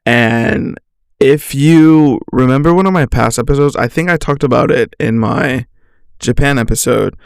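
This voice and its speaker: A man's voice: medium pitch, unhurried, vocal fry, clear, resonant tone, dry recording, clean studio sound. A young man hosting a solo podcast, rambling casually through a story with lots of slang and "like" fillers, often laughing at himself. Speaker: podcast host.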